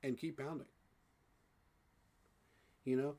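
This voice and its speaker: A man talking excitedly in a casual fan reaction vlog, emotional and repeating himself. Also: mid-range voice, takes it slowly. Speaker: sports fan vlogger.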